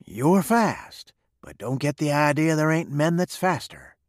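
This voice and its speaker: A man's voice: on the high side, animated, a little slow, no echo, studio quality, pitched above the performer's own voice. A man voicing a cool, sarcastic gang boss in a western story, with an ironic drawl.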